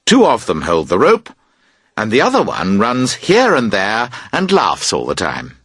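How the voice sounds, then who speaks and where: Male audiobook narrator, husky and expressive, for a learner-level story. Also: lowish voice, a little slow, no echo, studio quality. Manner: expressive, voices characters. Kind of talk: audiobook reading of a graded reader.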